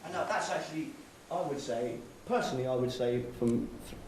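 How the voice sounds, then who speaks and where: This public speaker talks fairly quickly with hardly any pauses, his medium-pitched voice darkish in tone. The talk is informal, conversational and wry with frequent tangents, recorded from a distance in a roomy meeting hall with faint hiss.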